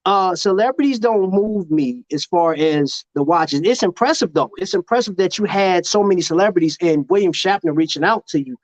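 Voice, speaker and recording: A man from Chicago hosting a casual live-stream chat, telling stories in an animated way and laughing often. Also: high voice, normal speed, hardly any pauses, dry recording. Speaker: host. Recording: dry, dull lo-fi sound.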